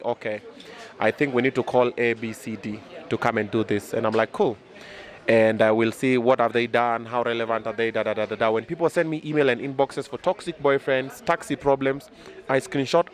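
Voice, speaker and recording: A Kenyan man in his thirties being interviewed outdoors, chatting casually and boastfully, mixing in Swahili words. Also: medium pitch. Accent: Kenyan English. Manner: animated, boastful, quick bursts. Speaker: media personality interviewed.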